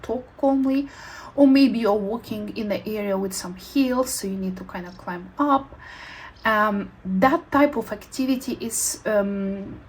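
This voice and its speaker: A woman in a casual health vlog, sharing her own experience in thoughtful, non-native English phrasing with frequent pauses and fillers. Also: a little high, slightly rough, poor audio. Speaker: health vlogger. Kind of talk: casual talking-head vlog.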